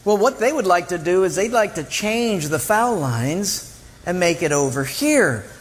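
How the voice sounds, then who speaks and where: A man's voice: high-pitched, unhurried. A man preaching a sermon in a church, telling illustrative stories and acting out the voices of the people in them. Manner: animated storytelling, acts out voices. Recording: long hall reverb.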